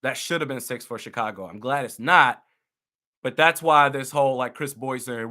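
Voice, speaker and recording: A young man giving live reaction commentary on a football game as a fan, animated and exasperated, with loud outbursts. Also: medium pitch, moderate pace.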